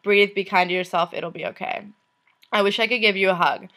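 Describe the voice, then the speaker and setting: A woman vlogger reads messages aloud at a middle pitch. Her delivery is soft and unhurried, and her voice trails off at the end of lines. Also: steady tone.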